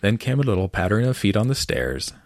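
A man reading a storybook aloud as narrator in an expressive, measured way. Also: fairly low pitch, no room sound, clean studio sound.

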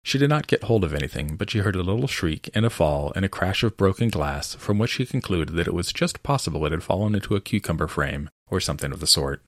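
A man reading a storybook aloud as narrator in an expressive, measured way. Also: sits low, no echo, studio quality.

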